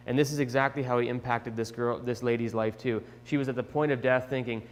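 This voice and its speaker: Man, children's lesson, chatty and animated, long reverb. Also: medium pitch, a little fast. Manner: chatty, animated retelling, with restarts. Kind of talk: casual Bible storytelling for children. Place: church sanctuary. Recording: echoey church hall.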